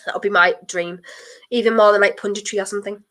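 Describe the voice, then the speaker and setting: Excitable young woman streamer. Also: medium pitch, fast, a little hiss or hum. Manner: nervous, excitable, bursts into exclamations. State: blocked nose. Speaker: streamer hosting a football watchalong. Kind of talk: live football watchalong chat.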